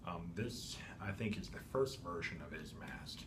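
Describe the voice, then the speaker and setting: A man's voice: low-pitched, normal speed. A man casually narrating as he unboxes and shows off a vintage toy, rambling and correcting himself with lots of ums. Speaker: toy collector vlogger. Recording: echoey room with steady background noise.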